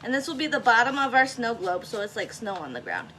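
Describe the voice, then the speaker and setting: Woman craft vlogger, bright high voice, chatty and self-mocking, slight background noise. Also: very animated, fast talker. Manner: chatty, self-deprecating, talks to viewers as guys. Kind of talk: casual crafting tutorial.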